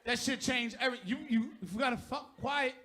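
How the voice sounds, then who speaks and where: A middle-aged man doing a stand-up comedy set on stage, profane and shouting out his punchlines. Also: extremely high pitch, fairly quick.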